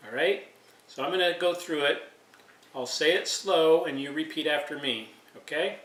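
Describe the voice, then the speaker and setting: A man teaching a preschool Sunday school lesson, patient and clearing his throat often. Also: on the high side, normal speed, long pauses, sharp tone. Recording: echoey room, far from the mic.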